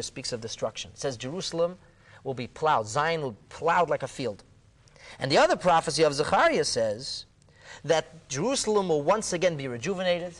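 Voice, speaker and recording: A man, a rabbi, retelling a Talmud story in a dramatic way, going from hushed to exclaiming and using Hebrew terms. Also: fairly high pitch. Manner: peppers speech with Hebrew and Aramaic terms. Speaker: rabbi leading a Talmud discussion.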